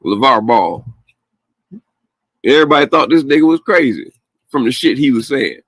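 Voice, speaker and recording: Podcast host, male, mid-pitch, casual profane rant, dry close mic. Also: moderate pace, breathy edge, no room sound. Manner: blunt, profane, animated, with laughs and mocking quotes.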